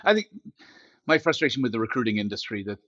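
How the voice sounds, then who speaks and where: This company CEO, a podcast guest, speaks quickly in a mid-range male voice while spinning animated, joking stories with plenty of asides in a casual chat. His glasses have a built-in headset mic, and the sound is lo-fi with no room sound.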